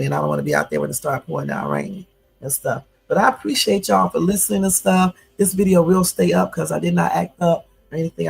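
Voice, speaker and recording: A woman in her fifties talks on a home livestream in a gravelly, husky voice. Her delivery is blunt and confrontational, loose and chatty with lots of fillers. Faint music plays in the background. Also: sits low, a little mellow, low-quality recording. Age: 50s. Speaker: YouTube livestream host. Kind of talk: casual livestream talk.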